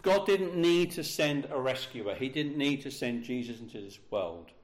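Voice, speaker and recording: A man preaching a sermon, slowing down and leaning hard on the key words for emphasis. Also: medium pitch, expressive. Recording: roomy echo.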